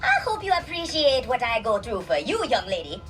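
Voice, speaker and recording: A man's voice: very high voice, wildly swooping pitch, normal speed, pushed and bright, soft background music, heavily acted. An actor with a Jamaican accent playing a fussy crab advisor who scolds a young lady, in a film scene. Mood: scolding. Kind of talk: film dialogue.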